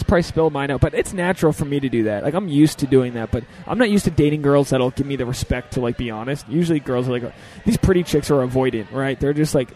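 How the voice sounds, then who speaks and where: A young man, a podcast host and stand-up comic, telling a story in casual, profane chat and acting out the quotes. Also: fairly high pitch. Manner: animated, profane, acts out quotes.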